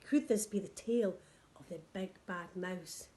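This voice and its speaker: A woman nursery teacher reading a picture book to young children in a clear, sing-song read-aloud voice. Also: lowish voice, measured pace, mellow.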